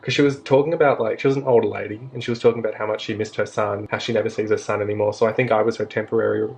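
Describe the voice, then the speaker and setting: A man's voice: on the low side, level tone, very fast, vocal fry, a little mellow. Chatty Australian man vlogging. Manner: chatty, rambling and self-mocking, with frequent asides. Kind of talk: casual storytime monologue. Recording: slightly dull audio with faint background hiss.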